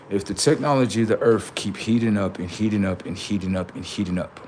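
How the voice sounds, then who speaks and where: A man with a lowish voice hosts a livestream, preaching confrontationally with rhetorical questions and street slang. There's a little hiss or hum in the audio.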